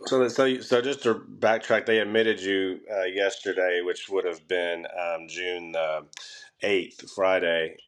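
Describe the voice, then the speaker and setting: A man interviewing a guest, calmly recapping events and asking follow-up questions. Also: low voice, unhurried. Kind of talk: casual interview.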